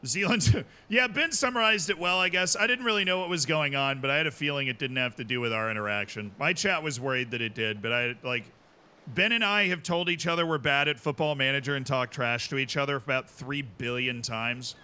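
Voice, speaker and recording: A man streams a strategy game, talking loosely to his chat and poking fun at himself. His voice sits at an ordinary middle pitch with a very bright, forward tone. He is heard up close through a headset mic. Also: a little fast, smooth. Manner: chatty, self-mocking, talks to chat. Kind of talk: livestream gaming commentary.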